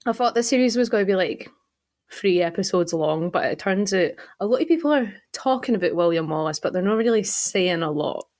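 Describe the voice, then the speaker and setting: A woman's voice: mid-range voice, animated, fairly quick, a little mellow. A woman hosting a history podcast, chatting casually and wryly before introducing the episode's topic. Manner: laughs often, chatty and wry. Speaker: podcast host, history presenter. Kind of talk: casual chat.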